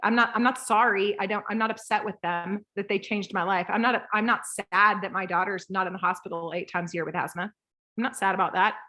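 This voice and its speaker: A woman in her thirties coaching a group call, lively and rambling, acting out voices as she talks. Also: mid-range voice, brisk.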